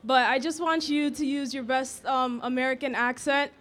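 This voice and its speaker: A woman's voice: high-pitched, fairly even intonation, normal speed, fairly bright tone. A woman asking a question from the audience, giggly and shy. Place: audience at a panel.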